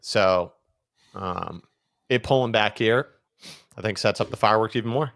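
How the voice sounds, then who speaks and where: A man on a podcast video call, talking in a relaxed, joking way with lots of fillers. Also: lowish voice, normal speed, vocal fry. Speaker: podcast guest, crypto trader. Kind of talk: casual podcast chat. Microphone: webcam setup on a video call.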